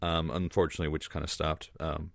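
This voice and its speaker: A man's voice: rumbling low, little pitch movement, quick pace, creaky, no echo. A man co-hosting a casual podcast chat, who cracks jokes and throws in playful asides. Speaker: podcast co-host.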